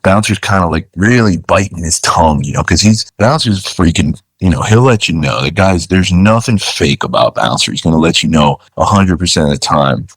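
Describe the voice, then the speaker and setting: A man's voice: deep voice, moderate pace, few pauses, breathy edge, no echo. A man, a charter fishing captain, telling stories in a casual, laid-back way and acting out what people said. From Florida. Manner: laid-back, says "dude" and "you know" a lot, acts out quotes. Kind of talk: casual storytelling.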